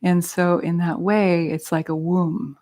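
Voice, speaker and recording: Low-voiced woman teaching meditation. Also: flat delivery, measured pace, darkish tone. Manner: explains terms patiently, with self-aware asides. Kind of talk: casual teaching talk. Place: class with a group present.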